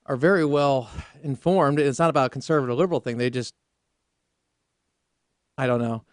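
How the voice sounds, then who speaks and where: A man's voice: mid-range voice, no room sound, clean studio sound. A man hosting a political talk radio show, combative and sarcastic, rambling through asides. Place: radio studio.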